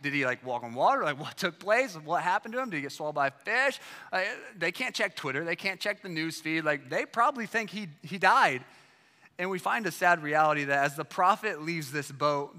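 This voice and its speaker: A man's voice: fairly high pitch, expressive, normal speed, pushed and bright, long reverb tail. A man preaching as pastor, emphatic and full of rhetorical questions. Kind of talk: sermon.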